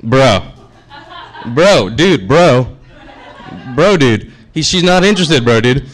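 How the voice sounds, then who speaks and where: A man's voice: mid-range voice, animated, slow pace. A man voicing a pushy bro guy at a bar who keeps repeating himself insistently. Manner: repetitive, insistent bro talk.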